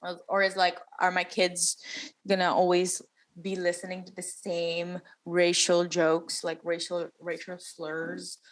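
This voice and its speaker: A woman's voice: on the low side, completely flat delivery, measured pace. A young woman from Macau, co-hosting a podcast, chatting casually and animatedly, full of fillers and quoted voices. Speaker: podcast co-host. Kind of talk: casual reaction chat.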